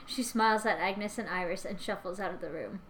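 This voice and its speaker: A woman co-host, giggly and animated, who chats casually and reads the stage directions of a comedy script. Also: medium pitch, fairly quick, rough recording. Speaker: podcast co-host reading directions. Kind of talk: casual chat and script reading.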